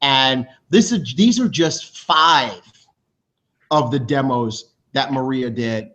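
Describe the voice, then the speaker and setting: Speaking fast with plenty of loose restarts, a high-energy male host announces awards on a team video show. The recording sounds dull and lo-fi.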